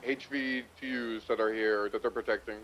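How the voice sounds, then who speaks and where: A man's voice: lowish voice, fairly even intonation, brisk, slight background noise. A man roleplaying an officer giving a matter-of-fact report over the radio in a game roleplay. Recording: dull radio line.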